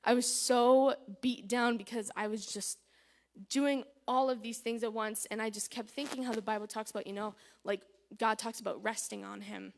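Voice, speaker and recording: A woman's voice: fairly high pitch, fairly even intonation, moderate pace, gravelly. A woman giving a personal church testimony, chatty and candid, retelling events with lots of "I was like" and nervous fillers. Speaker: testimony speaker.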